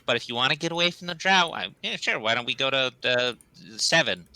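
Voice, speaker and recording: A man's voice: mid-range voice, animated, fairly quick, bright, forceful tone, clear, resonant tone, no echo, low-quality recording. A man voicing an earnest, naive young male knight who stammers and repeats words while in character in a tabletop game. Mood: puzzled.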